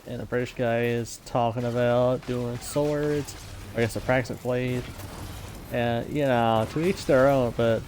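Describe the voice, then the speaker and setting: A man recounts gaming stories in a loose, rambling story-time style, full of fillers and easy chuckles. His voice sits at an ordinary middle pitch. Light background noise hangs under the recording. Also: a little mellow. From United States. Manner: rambling, laid-back, laughs often, frequent fillers. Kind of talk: casual story time monologue.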